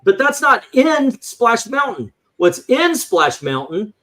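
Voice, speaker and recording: A man's voice: extremely high pitch, sing-song, takes it slowly, bright, forceful tone. A man talking in a casual livestream chat, ranting animatedly and acting out voices as he tells a story. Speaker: livestream co-host.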